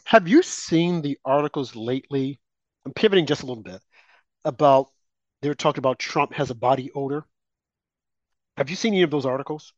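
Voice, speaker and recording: A man's voice: mid-range voice, expressive, a little fast, long pauses, no echo. A male co-host delivering political talk commentary, indignant and full of rhetorical questions with mocking asides. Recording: dull lo-fi dry sound.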